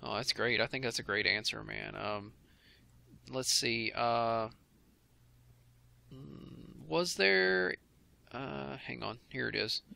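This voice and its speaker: Gravelly bright-voiced male interviewer. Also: medium pitch, slow, long pauses. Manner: casual, reads listener questions aloud. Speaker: interview host. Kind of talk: casual interview.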